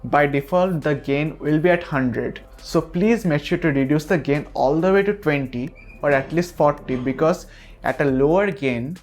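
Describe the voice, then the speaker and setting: A man's voice: fairly high pitch, normal speed, a little mellow. A man giving a product review of a microphone, talking earnestly and reassuring the listener again and again, recorded on a USB desk mic. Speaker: tech reviewer.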